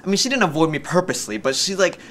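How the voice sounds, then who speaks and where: A young man in his twenties telling a story in a casual vlog, talking fast and energetically, joking and theatrical. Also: on the high side, big pitch swings, fairly bright tone, a little hiss or hum. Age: young adult. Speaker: vlogger.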